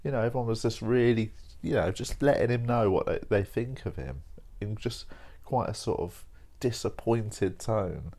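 A man's voice: on the low side, moderate pace, hardly any pauses, dark tone. A young man rambling casually over coffee, informal and sweary, dropping "mate" and "like" as he talks. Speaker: podcast host.

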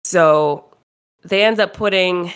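A woman's voice: slow pace, clean tone. A young woman casually telling a story on a podcast, acting out other people's voices. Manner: animated, acts out voices of others in high pitch. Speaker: podcast co-host.

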